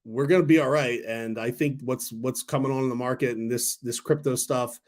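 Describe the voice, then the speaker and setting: A man in his thirties hosting a casual stock talk livestream, rambling and excitable, swearing freely. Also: medium pitch, a little fast. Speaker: stock talk channel host.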